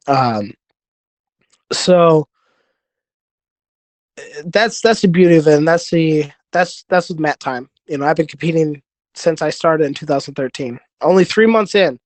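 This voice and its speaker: A man's voice: a little high, moderate pace, long pauses, dry recording. Earnest man telling a long story. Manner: rambling, earnest storytelling with many fillers. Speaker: podcast guest, jiu-jitsu competitor. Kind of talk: casual conversation.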